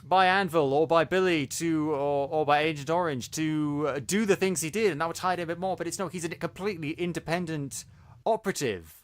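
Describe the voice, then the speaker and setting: A man's voice: fairly high pitch, a little fast. A man co-hosting a podcast, reviewing a series in casual chat, talking animatedly with many restarts and stumbles. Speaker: podcast co-host.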